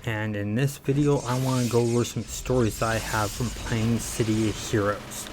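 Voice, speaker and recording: A man's voice: mid-range voice, fairly even intonation, moderate pace, noisy background. A man hosting a gaming channel, casually telling a story in a rambling way, acting out the quotes.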